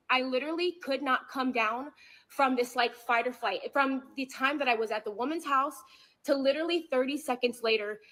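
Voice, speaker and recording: A woman retelling a frightening encounter in a halting, repetitive way, returning again and again to her apology. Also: a little high, a bit bright, poor audio. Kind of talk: clip of an emotional personal story.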